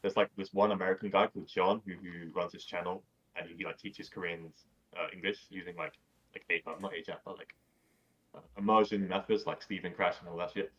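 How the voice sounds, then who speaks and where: Talking fast with fairly even intonation and a fairly bright tone, this podcast guest's fairly low voice rambles through a casual chat. "Like" fills every sentence, a swear word slips in now and then, and the video call makes him sound dull and lo-fi.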